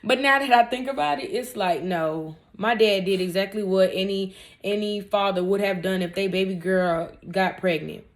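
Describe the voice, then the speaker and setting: A woman's voice: medium pitch, fairly even intonation, normal speed, few pauses. A young woman in her twenties talks straight to her viewers in a casual storytime Q&A, candid and blunt. She leans hard on her points and drops joking asides between viewer questions. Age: 20s. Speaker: vlogger answering viewer questions.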